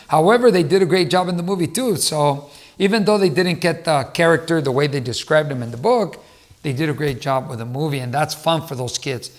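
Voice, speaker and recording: A man's voice: on the high side, animated, a little fast. A middle-aged man, a former teacher, giving earnest advice to camera in a casual talk, with restarts and repeated words. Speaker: motivational speaker and former teacher.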